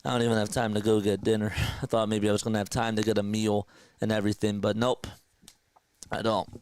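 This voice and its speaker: A man chatting casually on a live sports stream, excited and rambling like an emotional fan. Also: on the low side, fairly quick, smooth, no echo.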